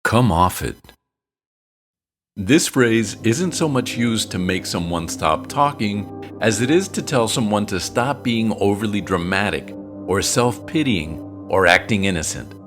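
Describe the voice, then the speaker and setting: An American man teaching English expressions in a clear, explanatory lesson narration with joking asides. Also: on the low side, lively intonation, unhurried, a bit bright, soft background music.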